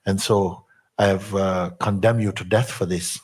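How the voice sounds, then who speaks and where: A man's voice: low-pitched, steady tone, normal speed, a little mellow, slightly rough. A man doing a blunt, commanding king. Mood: cold. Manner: blunt, demanding. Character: proud commanding king, quick to anger.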